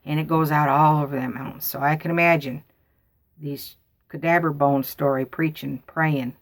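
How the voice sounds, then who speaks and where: A woman's voice: sits low, fairly even intonation, moderate pace. A woman, telling a family story in a rambling, folksy way. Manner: rambling, folksy, repeats herself. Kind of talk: casual storytelling.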